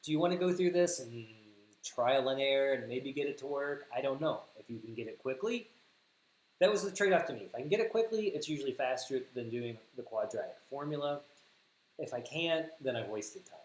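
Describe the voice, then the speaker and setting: Southern male math teacher, livestream lesson, animated delivery, thinks aloud, echoey room, faint hiss. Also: medium pitch, a little fast. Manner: thinks aloud, corrects himself, repeats words for emphasis.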